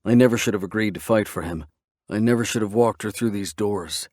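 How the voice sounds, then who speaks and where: A man's voice: on the low side, a little fast, darkish tone, no room sound, studio quality. A man narrating a romance audiobook in first person, tense and gritty.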